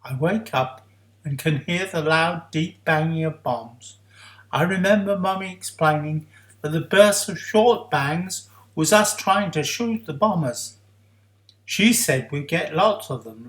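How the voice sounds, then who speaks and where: A man reading a first-person story aloud in a hushed, earnest way, recalling a child's memory. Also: fairly high pitch, takes it slowly. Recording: roomy echo.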